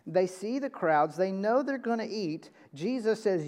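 A man preaching a sermon from a church pulpit, emphatic, jumping from loud high bursts to quiet low lines. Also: sing-song, moderate pace, hardly any pauses. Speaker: pastor. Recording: reverberant church hall.

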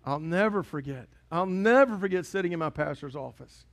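Storytelling pastor, higher voice. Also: male voice, animated, normal speed. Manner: storytelling, conversational preaching with acted dialogue. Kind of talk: sermon.

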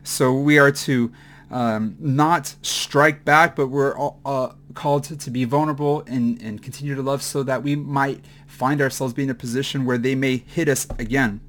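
A man's voice: medium pitch, steady tone, a bit bright. Emotional man teaching from the Bible. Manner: halting, many fillers and restarts. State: choked up, emotional. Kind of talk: mid-week Bible teaching.

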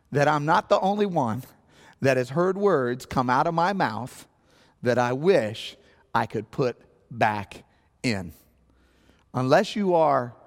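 Animated storytelling pastor, man. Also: mid-range voice. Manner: animated storytelling with loud acted-out outbursts. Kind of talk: sermon. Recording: long hall reverb.

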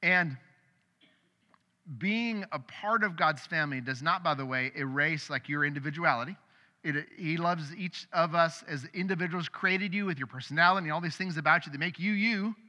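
Middle-aged pastor guy giving a sermon, kinda high voice, chatty with loud bursts, big church echo. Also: moderate pace. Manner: conversational, animated preaching with sudden loud outbursts. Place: church sanctuary. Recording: long hall reverb.

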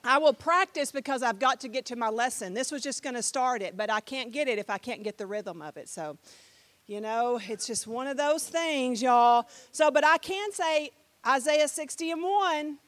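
Woman, middle-aged, Bible class teacher. Chatty, direct, questions the room. Slightly high voice, dry sound. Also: lively intonation, normal speed, no room sound.

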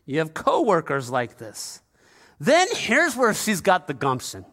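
A man's voice: a little high, wildly swooping pitch, unhurried, bright, forceful tone. A male pastor preaching a sermon in a conversational, humorous style, with asides to the congregation in a large church. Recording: long reverb of a large hall.

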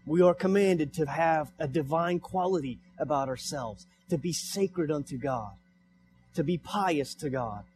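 With faint music playing, a young man from the United States delivers a sermon as pastor in a church sanctuary. His voice is a little high, a little slow, and slightly mellow, and he drives his points home by repeating them with rising emphasis.

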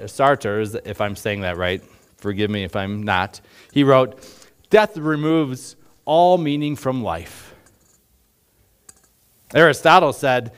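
A man's voice: medium pitch, clean tone. A man in his forties preaching a sermon in a conversational way, with rhetorical questions and many fillers. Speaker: pastor.

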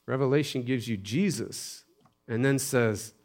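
A man preaching a sermon, building to loud emphasis with repeated phrases and dropping to hushed near-whispers. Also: medium pitch, moderate pace. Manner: preaches with rising intensity and repetition. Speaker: pastor.

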